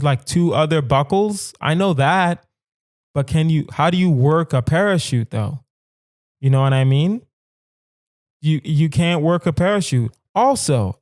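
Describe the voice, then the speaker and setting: A man's voice: a little high, darkish tone, dry recording, studio quality. A young man hosting a comedy podcast alone, riffing on hypothetical dilemmas and talking straight to his listeners with mock-serious asides. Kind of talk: solo comedic monologue.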